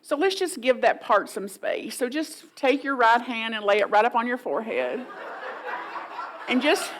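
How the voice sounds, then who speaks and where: A woman's voice: on the high side, animated, moderate pace, noisy background. A woman pastor giving a folksy, playful sermon in a church, often mimicking voices for humor. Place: church sanctuary.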